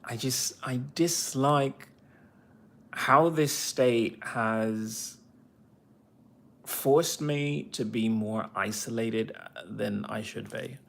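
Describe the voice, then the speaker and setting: A veteran livestreamer answers viewers' comments in a casual monologue, rambling bitterly and swearing often in a profane rant. His voice sits fairly low with a steady tone, and he speaks very slowly, sounding creaky and a bit bright.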